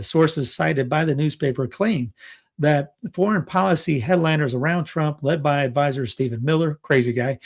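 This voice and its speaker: A fairly high, a little mellow male voice belongs to a political commentary host giving a casual news rundown. Between headlines he slips into sarcastic asides, chuckling a bit, restarting frequently and peppering his speech with fillers.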